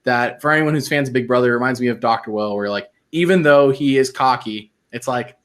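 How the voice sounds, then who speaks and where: A man co-hosting a casual podcast, chatty and quick to laugh as he talks. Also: medium pitch. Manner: chatty, laughs often, lively rises and falls. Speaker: podcast co-host.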